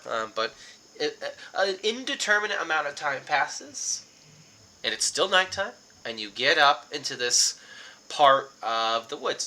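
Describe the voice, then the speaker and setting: A man's voice: medium pitch, pushed and bright, slight background noise. A man running a tabletop game as game master, chatty and loose with many fillers.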